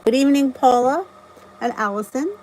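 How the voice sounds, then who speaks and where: A woman's voice: high voice, lively intonation, normal speed, a little mellow, a little hiss or hum, low-quality recording. A middle-aged woman hosting a casual live stream, chatting and greeting viewers by name, often laughing at herself. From New Jersey. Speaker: channel host.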